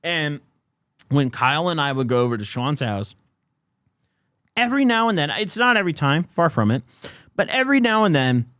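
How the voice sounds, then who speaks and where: A young man spins a messy story for his co-host, his voice a touch higher than most men's. The sound is dry and close, with no room around it. He throws himself into the quotes, cussing and mimicking freely. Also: moderate pace, pauses often, no room sound. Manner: animated, acts out quotes with swearing. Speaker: podcast host. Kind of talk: casual storytelling chat.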